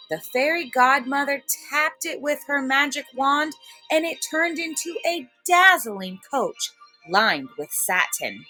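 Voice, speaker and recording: A woman teacher reading a fairy tale aloud for a lesson, slow, expressive and clearly enunciated. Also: mid-range voice, low-quality recording. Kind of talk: storybook read-aloud lesson.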